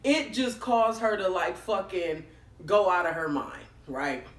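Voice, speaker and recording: Unhurried and casual, a woman vlogger tells a story in a lively voice whose pitch swoops up and down, swearing freely and speaking frankly. She's animated and expressive, and her voice echoes around a room in her home.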